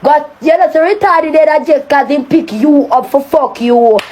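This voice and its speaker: High-pitched Jamaican woman ranting. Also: normal speed, darkish tone. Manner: heated, taunting, cursing. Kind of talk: angry live-stream rant.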